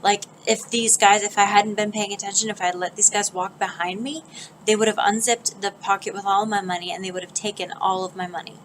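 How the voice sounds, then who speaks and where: A woman's voice: medium pitch, a bit bright, slight background noise, poor audio. Chatty American woman vlogging. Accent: General American. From northern United States, near Canada. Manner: chatty and rambling, with many ums and restarts. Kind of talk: casual storytelling vlog.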